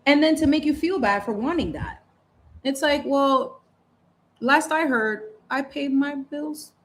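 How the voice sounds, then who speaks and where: A woman in her thirties, a host chatting casually while she paints. She speaks, and her voice sits a little high. She is animated and opinionated, with lots of "like" in her speech. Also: measured pace. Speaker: channel host.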